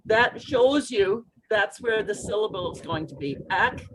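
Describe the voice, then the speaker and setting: A woman coaching English pronunciation in an online group lesson, expressive and encouraging as she models phrases for learners to repeat. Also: mid-range voice, unhurried, background noise.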